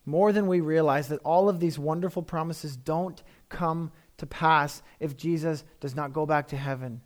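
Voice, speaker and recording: A man's voice: fairly high pitch, steady tone, moderate pace. A man preaching a sermon in a conversational, emphatic way, often repeating phrases for effect.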